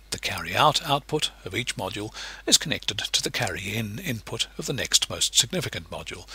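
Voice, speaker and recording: A man's voice: creaky, slightly rough. A man giving a recorded lecture, explaining patiently step by step. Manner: patient, explanatory, lively pitch shifts.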